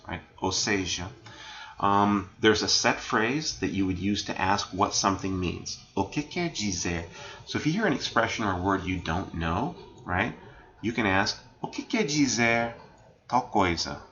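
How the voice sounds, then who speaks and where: A man's voice: on the low side, bright, forceful tone, highs cut off. A man teaching a recorded slide lesson, explaining phrases one by one and asking "right?" after nearly every line. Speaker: language teacher.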